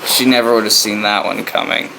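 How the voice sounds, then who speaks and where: A man's voice: lowish voice, level tone, normal speed, noisy background. A man co-hosting a podcast in casual chat, telling stories loosely with profanity and laughter. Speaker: podcast co-host.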